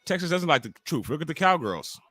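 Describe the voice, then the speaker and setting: A man's voice: a little high, very animated, a little fast, fairly bright tone, no echo. A young man hosting a live watch-along stream, joking loosely and talking to chat viewers by name. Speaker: livestream host.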